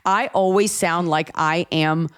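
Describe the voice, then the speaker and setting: A low-pitched woman hosts a podcast in a loose, comedic chat. She jokes freely and slips into acted-out voices as she talks. She sounds like a woman in her thirties. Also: a little slow, smooth. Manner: animated, jokey, acts out voices. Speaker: podcast host.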